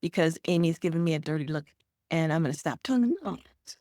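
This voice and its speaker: A talkative woman co-hosting a casual podcast, her voice sitting on the lower side. She rambles happily from point to point and teases her partner. The sound is dry and close. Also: animated, fast talker, a little mellow, no room sound. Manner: chatty and rambling, with frequent restarts. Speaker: podcast co-host. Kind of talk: casual chat.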